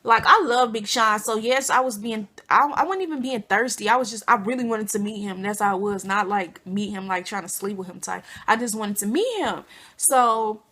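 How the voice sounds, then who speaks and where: A young woman vlogger telling a story in casual, animated chat with lots of fillers. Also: mid-range voice, normal speed. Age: young adult. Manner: chatty, animated, many fillers.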